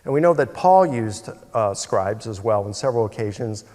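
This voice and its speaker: A man's voice: fairly low pitch, lively intonation, normal speed, a little mellow. A man questioning his opponent in a debate, conversational with frequent hesitations. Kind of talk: cross-examination in debate. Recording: reverberant hall.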